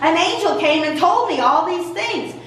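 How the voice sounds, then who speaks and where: A woman playing an excited young mother. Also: extremely high pitch, normal speed, voice pushed up. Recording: echoey church room from far off.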